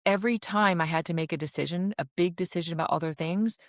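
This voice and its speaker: A woman's voice: lowish voice, fast, no room sound, clean studio sound. A woman hosting a podcast, talking in a loose, hesitant conversational way with frequent fillers. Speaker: podcast host.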